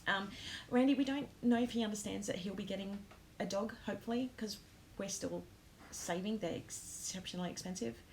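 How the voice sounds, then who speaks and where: A woman with a medium-pitched, darkish voice speaks briskly while hosting a planner live stream, chatting casually with viewers and responding to their comments. She's emotional, close to tears, and full of ums. The low-quality recording has a little hiss or hum.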